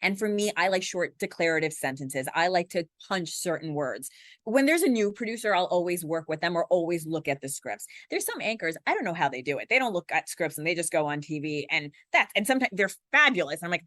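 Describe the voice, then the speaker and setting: A woman in her forties talks fast and lively as an interview guest, jumping into little acted-out scenes. Her voice sits a bit low. The sound is dry and close, with almost no room around it. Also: dry recording. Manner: fast-talking, animated, acts out little scenes. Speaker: TV journalist and guest. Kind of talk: conversational interview.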